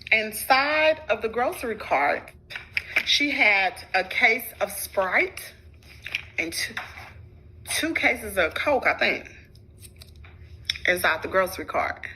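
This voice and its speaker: Woman, husky, slow pace, lively pitch, direct to viewers. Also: low-quality recording. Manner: addresses viewers directly, retells events. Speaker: commentary vlogger. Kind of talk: casual storytelling commentary.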